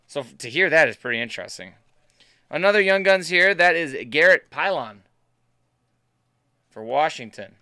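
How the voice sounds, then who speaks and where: A man's voice: fairly high pitch, lively intonation, moderate pace, long pauses, bright, forceful tone, clear, resonant tone, dry recording, clean studio sound. A man hosting a live card break stream, chatting casually and bantering with viewers as he opens packs. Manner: chatty, upbeat, banters with chat.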